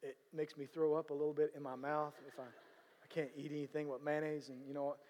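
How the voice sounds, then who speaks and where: A high-voiced man tells a story in the manner of a sermon. He is animated and breaks into sudden loud bursts for emphasis, often asking whether listeners follow him. His voice carries a long hall reverb. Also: a little fast, slight background noise. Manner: animated, bursts of loud emphasis, repeats "you know what I'm saying".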